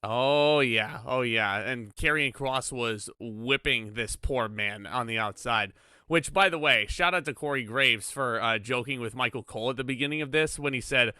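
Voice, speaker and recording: A man's voice: medium pitch, moderate pace, pushed and bright, clear, resonant tone, dry recording, clean studio sound. A man hosting a casual wrestling review podcast, talking enthusiastically with frequent ums and fillers. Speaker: podcast host.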